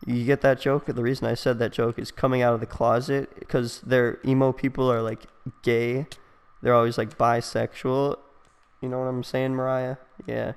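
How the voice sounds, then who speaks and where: A man's voice: mid-range voice, level tone, normal speed, clean tone. Young guy rambling n cracking jokes while he plays, voice echoing long in the room. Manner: rambling, joking, lots of "like". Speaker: let's play host. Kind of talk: rambling casual chat over gameplay. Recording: long echoey reverb.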